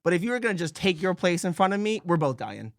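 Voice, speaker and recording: A man's voice: sits high, sing-song, no echo, clean studio sound. A man co-hosting a podcast, teasing and laughing often in casual chat. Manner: quick, teasing, laughs often, calls people baby. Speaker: podcast co-host.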